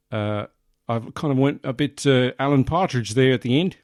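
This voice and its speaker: A man hosting his own podcast, rambling through a deadpan comic monologue full of mock bragging and fillers. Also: mid-range voice, a little fast, hardly any pauses, dry recording, clean studio sound, faint music behind. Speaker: podcast host, comedian.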